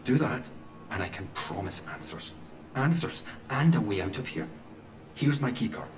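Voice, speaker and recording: An actor playing a cryptic male scientist in a game, giving calm, measured, secretive instructions. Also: mid-range voice, recorded from a distance, close to an everyday voice. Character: cryptic male scientist sending the player on a task. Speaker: game character. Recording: echoey game audio, set back from the mic.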